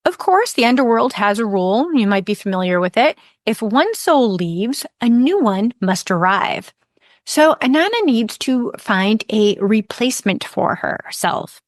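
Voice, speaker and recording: Woman podcast host, calm and measured storyteller, mid-pitched, dry booth sound. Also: dry recording. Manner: calm, measured retelling of myth.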